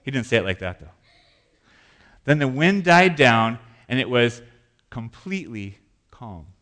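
A man preaching a sermon as pastor in a church, animated, acting out panicked voices. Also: mid-range voice, normal speed.

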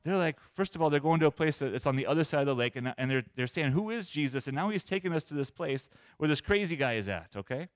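A man pastor preaching a sermon in an animated way, moving between loud emphasis and soft asides. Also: fairly high pitch, fast talker, hardly any pauses, no echo.

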